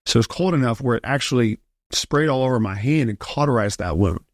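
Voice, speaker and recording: A man of ordinary pitch talks through a long personal story on a podcast, lively and loose, and acts out the people he quotes. His voice is close and dry, with no room sound around it. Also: brisk, dry recording. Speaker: podcast guest. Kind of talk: casual storytelling.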